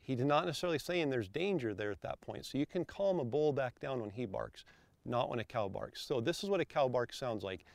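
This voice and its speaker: A man calmly explaining elk calls step by step, as an instructor. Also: medium pitch, fairly quick, vocal fry, no echo. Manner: calm, methodical, explains step by step.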